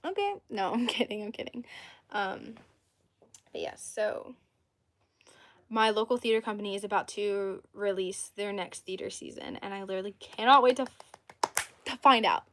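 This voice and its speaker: A woman's voice: mid-range voice, fairly even intonation, moderate pace, pauses often, a bit bright. An eighteen-year-old woman chatting casually on a livestream, rambling between topics and answering viewers' comments.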